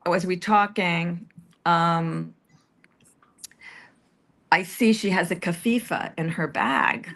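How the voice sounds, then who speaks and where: A woman's voice: fairly low pitch, a bit bright. A woman chatting casually on a livestream, rambling and hesitant with many restarts. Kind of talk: casual chat.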